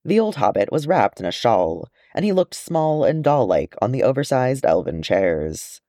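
A man with a low voice reads a story aloud, his pitch rising and falling expressively. The sound is dry and close, with no room echo. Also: sing-song, moderate pace, few pauses, mellow. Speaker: audiobook reader. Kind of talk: fan fiction audiobook narration.

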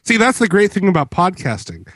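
A man from Canada co-hosting a podcast, telling stories and tossing in deadpan, wry remarks. His voice is mid-range and recorded dry. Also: high voice, fairly quick, no room sound. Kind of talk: casual chat.

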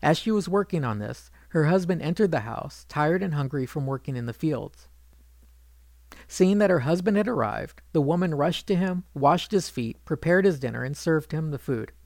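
A man reading a retold legend aloud in an even, measured narration, quoting the characters without putting on voices. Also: fairly high pitch, vocal fry, no echo. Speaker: storyteller.

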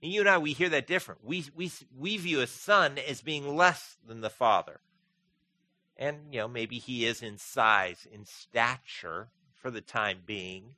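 At a measured pace, an earnest pastor preaches, pushing up to emphatic climaxes. For scripture, his voice drops down low and quiet.

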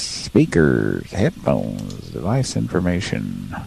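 A man's voice: rumbling low, wildly swooping pitch, slow, vocal fry, darkish tone, a little hiss or hum, low-quality recording. A man hosting a live stream, laid-back, laughing often and thinking aloud. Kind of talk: casual live-stream chat.

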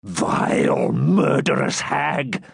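Brief: furious injured nobleman, male reader, slow and animated, dry close sound. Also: medium pitch, gravelly, slightly rough, no echo, heavily acted. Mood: bitter. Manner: furious, shouting, cursing. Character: wounded, raging knightly baron. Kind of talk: audiobook character reading.

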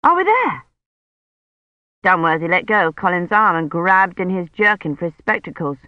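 An audiobook narrator reading a novel in a measured, even scripted narration. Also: medium pitch, no room sound, highs cut off.

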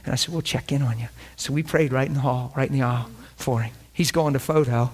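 A man's voice: mid-range voice, quick pace. A man preaching a sermon, telling stories and acting out both sides of the conversations. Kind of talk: sermon with acted-out anecdotes.

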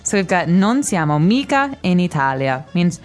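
Low-voiced woman teaching on a podcast. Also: big pitch swings, moderate pace, faint music behind. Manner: clear, explanatory, laughs easily. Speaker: co-host, language teacher. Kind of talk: language lesson podcast chat.

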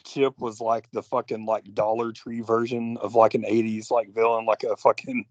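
A man's voice: on the low side, flat delivery, moderate pace, no room sound. A man co-hosting a movie podcast, ranting with lots of likes and swearing in a casual chat. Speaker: podcast co-host. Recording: dull lo-fi sound.

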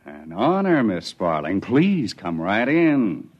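A cocky, plainspoken Venusian frontiersman, drawling with a lively, swinging pitch. It sounds like a dull, muffled 1950s radio broadcast. He is blunt and sure of himself throughout. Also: takes it slowly, slightly rough, heavily acted. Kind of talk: 1950s radio drama acting.

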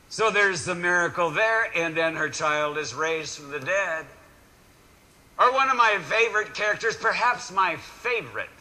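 A male pastor giving a lively sermon, acting out voices and swinging between loud and quiet. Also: on the high side, low-quality recording.

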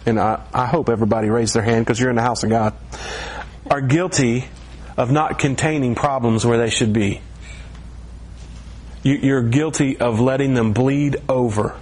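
A man's voice: mid-range voice, darkish tone. A middle-aged man preaching a sermon in a church, talking in a conversational way and lifting his voice for emphasis. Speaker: pastor. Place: church sanctuary.

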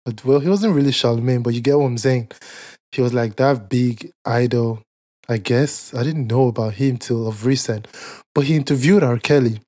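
Swearing freely and leaning on fillers and laughter, this podcast co-host rambles through stories in relaxed conversation. His voice is mid-range and dark in tone, at a normal speed.

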